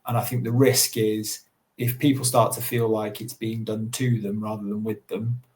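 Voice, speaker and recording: A man's voice: lowish voice, flat delivery, moderate pace, a little mellow. A man, speaking earnestly on a webinar panel over a video call, with many restarts and fillers. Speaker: council estates lead.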